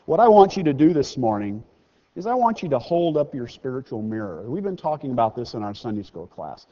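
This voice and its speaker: A man preaching a sermon in a church, talking to the congregation in an easy way. He slows down to read scripture and makes joking, self-deprecating asides. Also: mid-range voice, big pitch swings, dark tone. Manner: conversational preaching, slows down and rises for scripture readings. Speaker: pastor. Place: church sanctuary. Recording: dull sound with long hall reverb.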